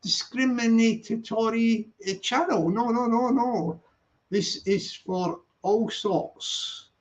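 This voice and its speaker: A man's voice: high-pitched, takes it slowly. A Scottish man hosting a casual live stream, rambling playfully and repeating greetings to his viewers. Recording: dull lo-fi stream audio.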